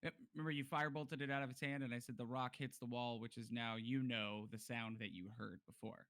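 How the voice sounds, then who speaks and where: A man's voice: mid-range voice, fairly even intonation, fairly quick, a bit bright, no echo. Laid-back man running a tabletop game. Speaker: game master.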